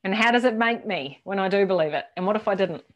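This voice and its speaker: A woman giving a casual, lively workshop talk to a team, swearing now and then and acting out quoted voices. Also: medium pitch, quick pace, lo-fi sound. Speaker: workshop presenter.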